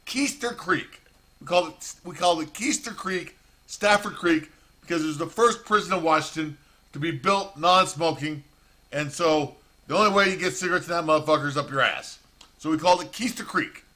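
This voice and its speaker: A man's voice: a little high, fairly quick, pushed and bright. A man telling a rambling, profane prison story in a casual monologue.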